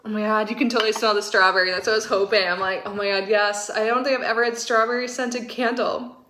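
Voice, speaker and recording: A woman in her thirties chatting through a casual unboxing, gushing and excitable with lots of fillers. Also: mid-range voice, fast talker, a little hiss or hum. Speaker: subscription box reviewer.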